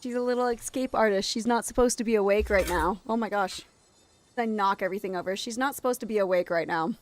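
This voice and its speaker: A woman streaming from home late at night, chatting casually, laughing often and cooing softly to her toddler. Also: mid-range voice, quick pace. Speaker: game streamer and mother. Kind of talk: casual live-stream chat.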